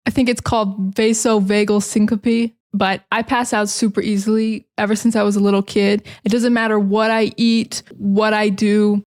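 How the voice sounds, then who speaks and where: A young American woman teaching English phrasal verbs in a chatty, casual way, explaining each one with everyday examples. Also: mid-range voice.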